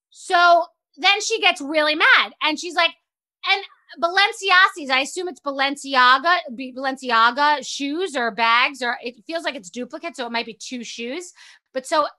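A woman hosting a show, talking in a casual, animated, profane rant that mocks herself. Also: high-pitched. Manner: animated, profane, self-mocking. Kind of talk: casual ranty monologue.

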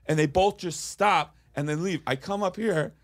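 A man co-hosting a podcast, telling a story in relaxed casual chat. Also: fairly high pitch, moderate pace. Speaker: podcast co-host.

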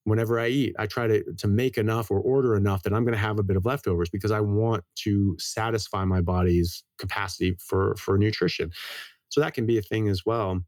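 A man's voice: lowish voice, steady tone, a little mellow, no room sound, clean studio sound. An American man in a casual interview, explaining things earnestly as a doctor and telling stories about his family. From United States. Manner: brisk, earnest, tells anecdotes. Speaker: guest, medical doctor.

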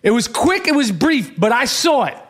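A middle-aged man hosting a podcast, ranting profanely and bursting into shouts. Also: very high voice, very animated, moderate pace. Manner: swears heavily and shouts in bursts. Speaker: podcast host. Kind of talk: profane, animated podcast rant.

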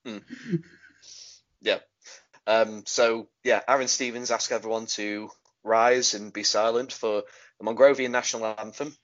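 A man's voice: on the low side, little pitch movement, a little slow, long pauses, a bit bright. A man hosting a casual chat show and recapping a wrestling show at length, rambling with many fillers and laughing easily. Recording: dull lo-fi audio.

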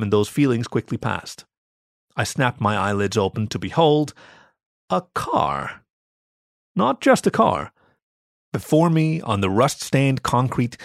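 A man reading an adult story aloud as its narrator, in an expressive, animated way. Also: mid-range voice, no room sound, clean studio sound. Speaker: story reader.

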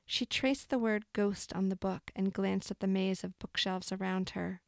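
A woman reads a story aloud in a measured, expressive way, her mid-range voice carrying a gravelly, creaky edge. The recording is close and dry, without room echo. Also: mid-range voice. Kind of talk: audiobook narration.

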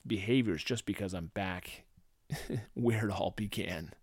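A man's voice: on the low side, measured pace, breathy edge, no room sound, clean studio sound. A man from St. Louis hosting a casual solo podcast, talking loosely with many fillers and acting out quotes. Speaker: podcast host.

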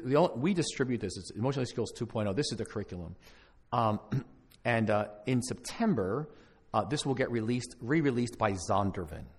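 A man's voice: lowish voice, husky. A male pastor giving a conversational conference talk to church leaders, with frequent restarts and asides. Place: large conference hall. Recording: live hall recording with long reverb.

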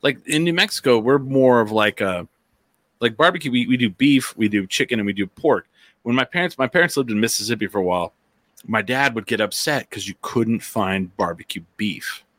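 A man's voice: mid-range voice, animated, a little fast, fairly bright tone, no room sound. A man chatting casually on a podcast, rambling and full of filler words. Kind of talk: casual chat.

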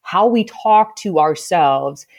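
Low-voiced woman, emphatic spiritual talk. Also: lively intonation, slow, gravelly, darkish tone. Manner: emphatic and heartfelt, with frequent "like" fillers. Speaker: podcast guest. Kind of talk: spiritual self-help conversation.

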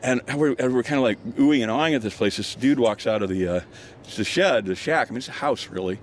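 Speaking fast in a medium-pitched voice, an older man tells a wandering story while walking a hillside, over slight background noise. He's a guest storyteller, prone to fillers and restarts and quick to laugh.

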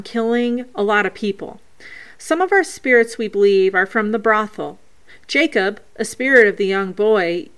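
A woman's voice: medium pitch, a bit bright, clean tone. A woman hosting a paranormal show, earnestly reading out a listener's ghost recording and breaking down each sound step by step.

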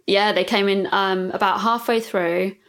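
A woman artist telling stories in a podcast interview, with an animated, laughing delivery that acts out the voices of the people she quotes. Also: medium pitch, measured pace. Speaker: artist and guest.

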